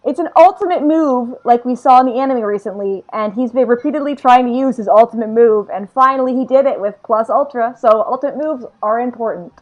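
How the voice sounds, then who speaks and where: A woman's voice: on the high side, a little fast, few pauses, rough recording. A woman co-hosting a podcast, chatting casually about a manga chapter and thinking aloud with lots of "like"s. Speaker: podcast co-host.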